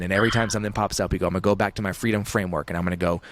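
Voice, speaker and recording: A man's voice: lowish voice, fairly even intonation, very fast, few pauses, fairly bright tone. A man in his thirties, an author talking as a guest in an interview, intense and emphatic, repeating phrases for effect. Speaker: author and podcast host, guest. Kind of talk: interview guest on a talk show.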